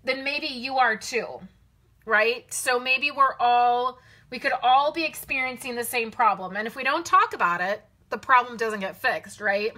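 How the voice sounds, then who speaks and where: A woman's voice: fairly high pitch, animated, unhurried, bright, forceful tone. A woman hosting a live card-making stream, chatting casually and greeting viewers by name. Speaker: card-making livestream host.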